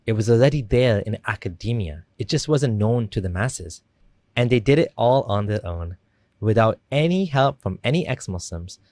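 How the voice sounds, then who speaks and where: A man delivering scripted critical commentary in a measured, pointed way. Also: lowish voice, expressive, a little mellow, dry recording, clean studio sound. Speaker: commentary channel host.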